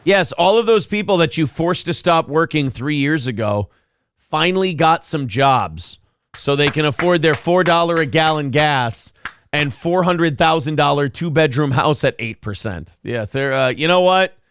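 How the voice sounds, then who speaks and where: A man's voice: on the high side, expressive, moderate pace, fairly bright tone, clear, resonant tone, no room sound, clean studio sound. A man co-hosting a morning talk show, giving sarcastic political commentary in a mocking tone. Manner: mocking, sarcastic, laughs often. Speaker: co-host.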